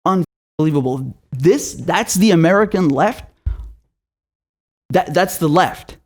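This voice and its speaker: A man's voice: fairly high pitch, a little slow, long pauses. Furious profane man ranting politics. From Syria. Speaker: political commentator. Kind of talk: angry political rant.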